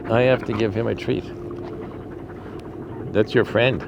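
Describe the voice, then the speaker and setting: A man talks to rescue dogs in a coaxing, affectionate way and now and then explains things to the camera. He is recorded outdoors at a sanctuary. Steady background noise and barking come through. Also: fairly low pitch, measured pace, vocal fry, dull audio. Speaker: animal rescuer. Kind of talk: casual talk to dogs and camera.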